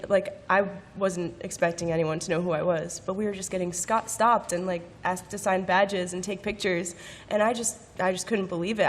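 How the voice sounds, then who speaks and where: A woman's voice: medium pitch, slight background noise. A young woman on a convention panel, telling a heartfelt, amazed story. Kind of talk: panel talk. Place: convention stage.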